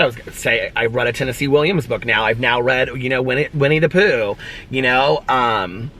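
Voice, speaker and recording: A man chatting casually to camera as a book vlogger, excitable and emotional, rambling with lots of fillers. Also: medium pitch, a little hiss or hum. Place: at home.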